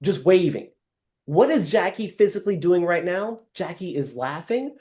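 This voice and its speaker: Man, sales trainer, fairly high voice, lively, acts out scenes, video call. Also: moderate pace. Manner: animated, acts out scenes, addresses trainees by name. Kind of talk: live training session.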